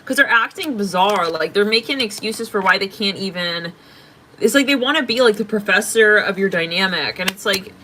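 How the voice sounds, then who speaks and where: A woman's voice: mid-range voice, expressive, normal speed, pushed and bright. A woman giving a casual tarot reading to her viewers, talking bluntly and with open exasperation, swearing freely as she goes. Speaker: tarot reader.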